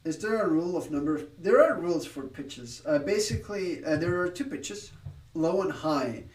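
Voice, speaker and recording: Streamer, male, somewhat high voice, thinks aloud and corrects himself as he explains, heard off-mic. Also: expressive, normal speed, darkish tone, roomy sound, far from the mic. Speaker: streamer learning a language. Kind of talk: casual live-stream study session.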